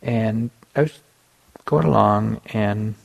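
A middle-aged man giving a meditation dharma talk, telling a personal story in a relaxed way with many fillers and restarts. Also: on the low side, slow pace, creaky. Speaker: meditation teacher.

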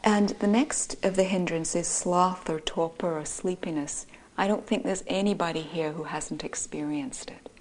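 A middle-aged woman giving a gentle dharma talk as a meditation teacher, often speaking softly and breathily. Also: on the low side, steady tone, a little slow, few pauses, rough recording. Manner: gentle, soft-spoken, often breathy and near-whispered. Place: meditation hall.

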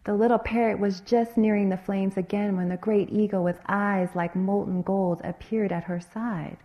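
A woman meditation teacher telling a dharma story in an expressive, rhythmic way. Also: medium pitch, normal speed, muffled recording.

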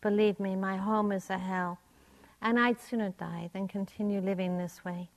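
A woman's voice: mid-range voice, fairly even intonation, moderate pace, lightly acted. A woman voicing a desperate poor man who pleads and laments as she tells a folk tale in a talk. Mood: pleading.

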